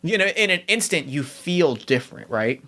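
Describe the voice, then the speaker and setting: A man narrating a tabletop game as game master, animated, often repeating himself mid-sentence. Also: on the high side, moderate pace.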